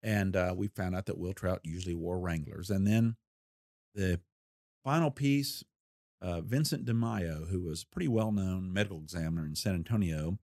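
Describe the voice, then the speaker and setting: An older man and former investigator telling a case story in a folksy, unhurried way with a wry edge. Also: low voice, a little mellow, no room sound, clean studio sound. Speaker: retired federal investigator recounting a case. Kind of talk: storytelling interview.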